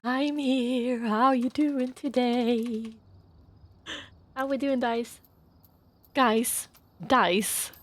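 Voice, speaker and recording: A woman livestreamer chatting casually with her viewers, playful and quick to laugh as she greets them by name. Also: high-pitched, fairly even intonation, a bit bright. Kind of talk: casual chat with stream viewers.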